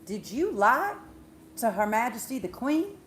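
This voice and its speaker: A woman voicing a stern royal court officer loudly charging someone with treason. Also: a little high, very animated, unhurried, slight background noise, voice pushed up. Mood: accusing.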